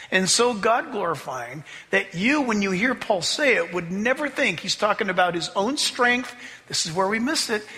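A man preaching a sermon as pastor, animated, acting out voices to make his points. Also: sits high. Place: church sanctuary. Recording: long hall reverb.

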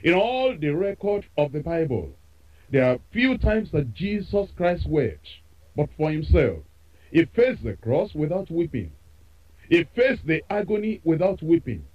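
A man's voice: a little high, sing-song, measured pace, lo-fi sound. A man preaching a sermon, emphatic and repeating phrases for effect.

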